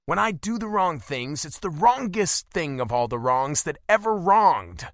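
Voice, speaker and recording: Male audiobook narrator, first-person romance; expressive and emotional, bright, animated delivery. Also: a little high, a little slow, dry recording, clean studio sound.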